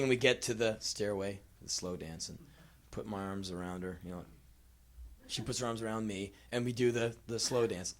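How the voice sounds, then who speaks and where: A man in his twenties doing live spoken word storytelling on a small venue stage, acting out his younger self in quick put-on voices. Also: medium pitch, slight background noise. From United States. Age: 20s.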